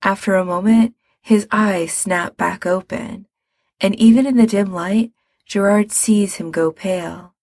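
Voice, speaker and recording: Slow, gravelly woman narrating a story. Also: medium pitch, a little mellow, dry recording.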